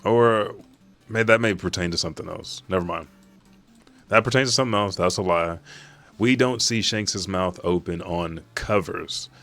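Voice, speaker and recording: A man hosting a casual reaction, reading a chapter aloud. He swears freely and gets excited. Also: low voice, moderate pace, soft background music. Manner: profane, excitable, reads quoted lines aloud. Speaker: manga reaction host.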